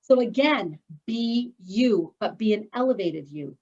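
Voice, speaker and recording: Teaching a speaking course, a middle-aged woman speaks straight to her students, upbeat and encouraging, in an expressive, unhurried, medium-pitched voice with a dark tone. The video call audio sounds slightly dull and lo-fi.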